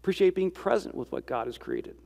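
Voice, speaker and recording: Man, high-pitched, easygoing devotional speaker who asks the audience questions and teases himself, long room echo. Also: huge pitch swings, brisk, creaky, darkish tone. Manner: rhetorical questions and self-deprecating asides. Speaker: speaker giving a reflective Christian talk. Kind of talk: conversational devotional talk.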